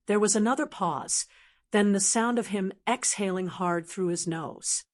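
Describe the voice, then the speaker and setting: A woman in her sixties telling a first-person story in a steady, measured scripted narration. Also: medium pitch. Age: 60s.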